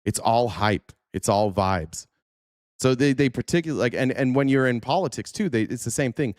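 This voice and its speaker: A man's voice: mid-range voice, normal speed, a little mellow, no echo, studio quality. A man hosting a political livestream, ranting heatedly with profanity and restarts while reacting to clips and chat. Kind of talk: casual livestream commentary.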